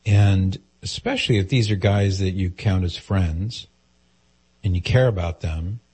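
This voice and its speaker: A man's voice: low voice, unhurried, a little mellow, husky. A man hosting a call-in advice show, speaking directly and earnestly and posing questions to the caller. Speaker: radio advice host.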